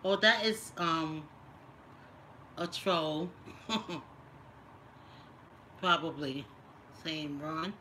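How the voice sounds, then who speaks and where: A woman's voice: on the low side, animated, very slow, long pauses, bright, forceful tone, slight background noise, poor audio. A middle-aged woman live-streaming a casual vlog, chatting and teasing while she reads viewer comments aloud. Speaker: lifestyle vlogger doing a live stream.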